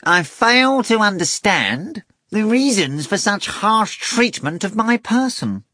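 A theatrical black tomcat speaks in a high, strained, pompous voice that stretches out its words. He is mischievous and grandly self-important, and the voice sounds husky and a bit hoarse. It sits close in a dry space with no room sound. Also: big pitch swings, pushed and bright, no echo, heavily acted. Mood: grandiose. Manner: pompous, drawn-out mock-innocent speech.

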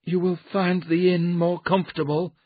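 A man's voice: sits high, little pitch movement, moderate pace, dry recording, pitched above the performer's own voice. A man voicing a timid, frightened little old man who speaks nervously and with strain. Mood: uneasy. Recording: narrow phone-like audio.

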